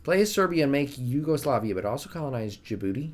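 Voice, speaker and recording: A man's voice: medium pitch, very animated, quick pace. A young man casually commenting on his strategy game live stream, joking with his chat. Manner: chatty, jokey, talks to chat.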